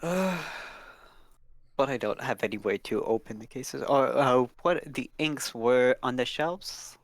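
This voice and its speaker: A man's voice: mid-range voice, takes it slowly, dry recording. A man playing a tabletop game, hesitant and stumbling over his words. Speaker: player.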